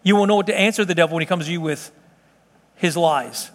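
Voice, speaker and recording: A fast-talking pastor with a voice on the high side preaches from a church pulpit, using emphatic repetition to drive his points across. Long reverb from the sanctuary hangs on every phrase.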